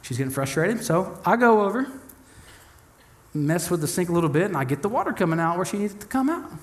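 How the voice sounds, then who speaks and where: Man, pastor, young adult, animated humorous sermon, slightly high voice. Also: quick pace.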